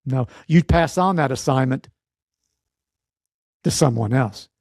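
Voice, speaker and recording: Man, preacher, sermon teaching, exhorting, rhetorical questions, dramatic pauses, dry sound. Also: medium pitch, a little mellow, dry recording.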